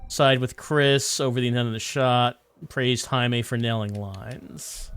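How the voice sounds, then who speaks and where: A man's voice: mid-range voice, steady tone, measured pace, few pauses, a bit bright, faint music behind. A man streaming a video game, chatting casually and musing aloud as he reads game text.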